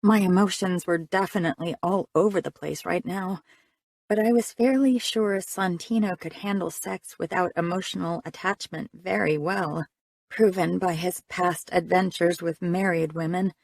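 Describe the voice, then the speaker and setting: A woman's voice: on the low side, fairly even intonation, moderate pace, gravelly, no room sound. A woman narrating a first-person audiobook in a reflective, conversational reading.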